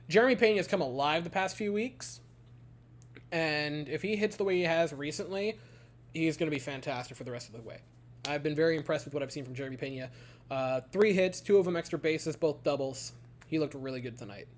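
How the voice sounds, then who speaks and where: A man giving a casual baseball game recap, ranting in an exasperated, animated way. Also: a little high. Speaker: baseball fan commentator.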